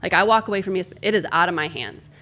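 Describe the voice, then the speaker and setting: A woman's voice: lowish voice, fast talker, bright, forceful tone. A woman sports broadcaster, a guest in an interview, telling a candid, emotional story and acting out the conversations she recalls.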